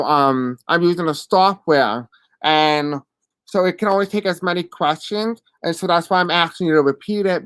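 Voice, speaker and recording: A host with a deaf accent gives live readings and answers chat questions in a halting, apologetic way with many fillers. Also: medium pitch, a bit bright, clear, resonant tone, dry recording.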